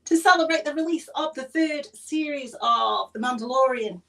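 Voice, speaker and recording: A woman's voice: high voice, moderate pace, creaky, a bit bright. A woman hosting a casual podcast, chatty, reading out news items with her own asides. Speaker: podcast host. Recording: distant mic.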